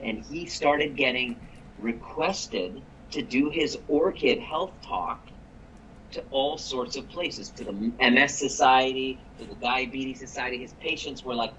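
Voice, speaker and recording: A man of middle pitch speaks as a guest coach on a live call. He tells his story with energy, quoting people and repeating words when excited. A faint hiss sits under his voice. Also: unhurried, highs cut off.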